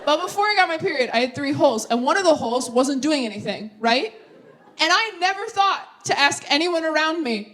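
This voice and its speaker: Animated young woman doing stand-up. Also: high-pitched. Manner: animated, self-mocking, quick asides. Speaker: stand-up comedian. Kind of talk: stand-up comedy with crowd work. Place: live theater stage with audience. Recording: live show, audience laughter and room noise.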